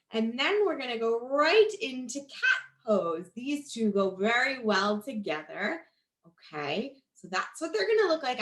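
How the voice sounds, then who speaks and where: A children's yoga and storytime instructor guides young kids through animal stretches, upbeat and encouraging in a sing-song manner. Her voice is on the high side and fairly bright. The room is echoey and she's a bit far from the mic.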